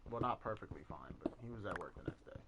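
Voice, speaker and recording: A man's voice: lowish voice, fast talker, creaky, heavy background noise. A young man in casual storytelling over gameplay, rambling and swearing as he retells a work story. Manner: rambling, swears a lot, animated retelling with quoted voices. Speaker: gaming YouTuber.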